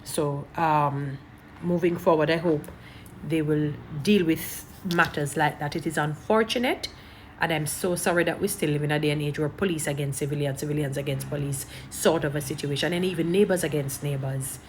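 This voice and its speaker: Emphatic Jamaican woman, low voice. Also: fairly even intonation, normal speed, slight background noise. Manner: emphatic, preachy, repeats points. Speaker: online commentator. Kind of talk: casual commentary to camera.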